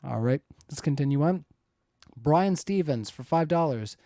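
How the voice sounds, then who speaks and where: A man's voice: fairly high pitch, animated, measured pace, mellow, no room sound, clean studio sound. A man hosting a live-stream debate, reading viewer messages aloud and laughing often. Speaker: debate moderator reading donations. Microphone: close to the mic.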